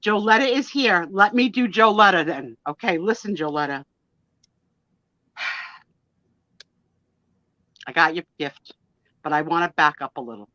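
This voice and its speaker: A woman with a New Jersey accent telling stories on a casual live stream, animated and self-mocking. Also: lowish voice, unhurried, long pauses, no echo, muffled recording. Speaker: co-host of a live sale stream. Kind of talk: casual storytelling chat.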